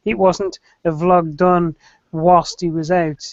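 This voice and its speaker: A man's voice: high voice, little pitch movement, slow pace, no room sound, muffled recording. A man in casual online chat making dry remarks. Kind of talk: casual banter.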